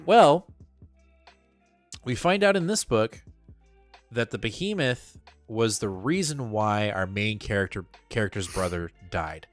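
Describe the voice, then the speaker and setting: Excitable man chatting about comics. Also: lowish voice, a little slow, soft background music. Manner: excitable, swears casually, filler-heavy. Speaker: podcast co-host. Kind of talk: casual comic book review chat.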